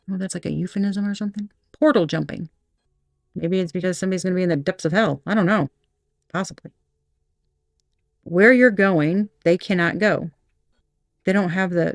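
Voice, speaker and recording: A woman's voice: medium pitch, no room sound, studio quality. A woman giving a casual tarot reading, candid and profane, laughing often and acting out little quoted voices. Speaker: tarot reader.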